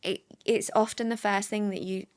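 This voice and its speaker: A woman's voice: mid-range voice, steady tone, normal speed. A young woman talking as a wellness entrepreneur and podcast guest, earnest, with frequent restarts. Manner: earnest, many restarts and fillers. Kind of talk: casual chat.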